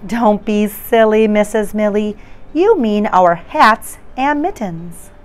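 A woman reading a storybook aloud, voicing a class of young children who correct their teacher in a slow, emphatic sing-song. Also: mid-range voice, close to an everyday voice.

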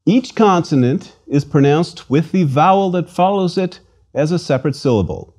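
Guy doing a slow language lesson, mellow voice, lots of ups and downs, spells things out patiently. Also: fairly high pitch, big pitch swings. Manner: slow, patient, enunciates each letter and syllable. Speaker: language instructor.

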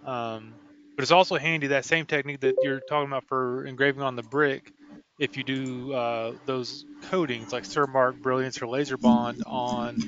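A man hosting a technical webinar, explaining machine settings in a relaxed, chatty way. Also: mid-range voice, moderate pace, noisy background. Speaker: laser tech webinar host. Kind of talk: casual technical chat. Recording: dull lo-fi webinar audio.

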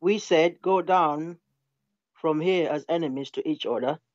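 A man from England with an English accent, in an online religious debate, defensive and asking to explain while reading verses slowly. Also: fairly high pitch, no echo, lo-fi sound. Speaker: debate caller.

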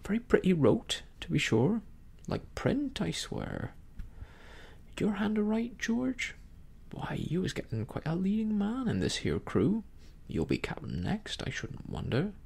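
A storyteller voicing a cunning, scornful old male pirate captain in a slow, contemptuous whispered role-play. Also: medium pitch, huge pitch swings, gravelly, a little mellow, breathy edge, pitched above the performer's own voice, exaggerated voice. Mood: mocking.

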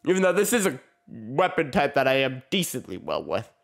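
A man's voice: medium pitch, huge pitch swings, brisk, vocal fry, a bit bright. A man hosting a casual gaming video, playful and laughing often as he chats through a match. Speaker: gaming channel host. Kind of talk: casual gameplay chat.

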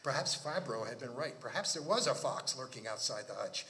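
A man reading his own novel aloud at a library book talk, in a measured storytelling cadence. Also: medium pitch, lively intonation, pushed and bright.

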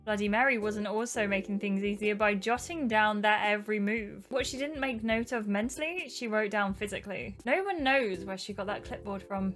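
A woman hosting a gaming channel, reading a choose-your-story game aloud with lively, amused commentary. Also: a little high.

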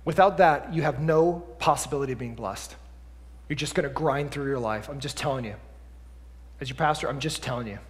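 A man preaching a sermon as pastor, lively and conversational, swinging between quiet asides and loud emphatic bursts. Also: mid-range voice, brisk, long reverb tail. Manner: animated preaching, drops to a quiet voice for acted asides then climbs loud. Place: church sanctuary.

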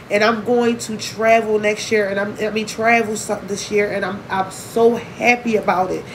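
Young woman vlogger, frank, emotional, profane; slightly high voice, faint noise. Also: low-quality recording. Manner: candid, emotional, profane, fast-shifting. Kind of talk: emotional casual vlog talk.

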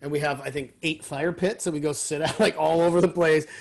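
A man's voice: on the high side, fairly even intonation, fairly quick, creaky. A man hosting a podcast, talking in an enthusiastic, casual way and swearing freely on a remote call. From Canada. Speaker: podcast host. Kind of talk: casual chat.

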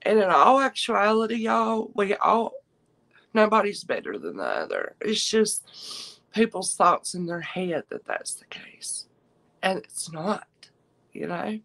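A woman's voice: mid-range voice, very animated, takes it slowly, vocal fry, fairly bright tone, rough recording. A woman, chatting heartfelt and openly to her live-stream viewers as a jewelry seller.

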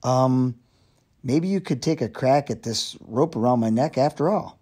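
A man's voice: mid-range voice, animated, unhurried, warm tone, breathy edge. A man voicing a determined young female pig who leads a sled team, calling out in raised, urgent bursts in a storybook read-aloud. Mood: eager.

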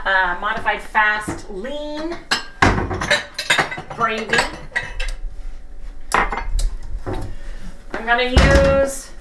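A woman hosting a casual home cooking demonstration in her kitchen, chatting to viewers as she works and repeatedly saying how excited she is. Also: on the high side, heavy background noise. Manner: chatty, talks straight to viewers as "you guys". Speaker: home cook and channel host.

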